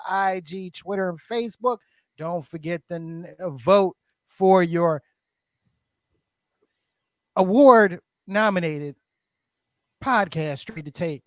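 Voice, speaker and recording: A man's voice: high voice, no echo, studio quality. A man hosting a podcast, upbeat and promotional as he signs off the show. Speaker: podcast host. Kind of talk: show sign-off.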